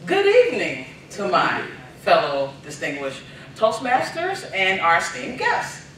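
A man delivers a comic speech full of family anecdotes, his voice leaping up and down with lively expression. He is heard from well back in a very echoey hall. A faint background noise sits under him. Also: high voice, a little slow, distant mic. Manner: storytelling with punchlines, animated. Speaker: speech contestant. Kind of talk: humorous speech.

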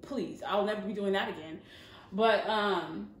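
A young woman with a Southern American accent, telling a casual storytime vlog in an animated way, laughing and using many fillers. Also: medium pitch, unhurried, slight background noise. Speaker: vlogger. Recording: echoey room.

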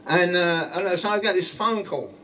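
An older man tells a rock-and-roll anecdote at a book signing, animated and laughing, with halting restarts. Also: high voice. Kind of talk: anecdotal storytelling to an audience. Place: bookshop, indoors. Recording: distant mic with faint room noise.

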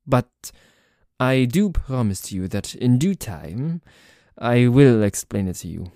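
A man's voice: medium pitch, very animated, takes it slowly, mellow, dry recording, studio quality. A man voicing a protective young French nobleman with a put-on French accent, commanding toward a rival and tender toward his partner, in an audio role-play. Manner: indignant, commanding, then tender. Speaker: voice actor.

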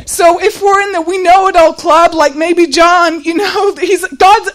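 A woman with a very high voice preaching a heartfelt sermon. She pushes her voice up to near shouting and sounds close to tears as she presses question after question. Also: fairly even intonation, measured pace. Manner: impassioned, often near tears and raising her voice; repeats rhetorical questions.

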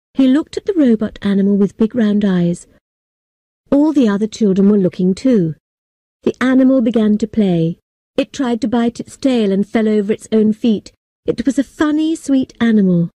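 A woman narrating a story for English learners in a plain, steady, clearly paced reading. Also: on the high side, no echo.

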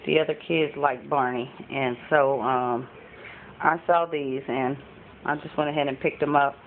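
A woman's voice: rumbling low, fairly even intonation, moderate pace. A woman vlogging at home as a mom, chatting casually through a thrift haul with frequent ums. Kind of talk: casual show-and-tell chat. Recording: phone-like lo-fi with faint background noise.

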